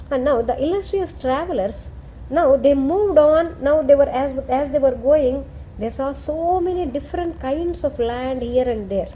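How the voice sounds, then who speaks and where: A woman's voice: a little high, mellow, a little hiss or hum. A woman retelling a scripture story and explaining it. She keeps checking in with her listener. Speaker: scripture teacher.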